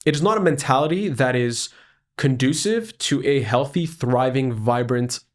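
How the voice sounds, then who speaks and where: A man's voice: mid-range voice, normal speed. A man co-hosting a casual political podcast, earnest and stumbling over repeated words as he builds his points. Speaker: podcast co-host.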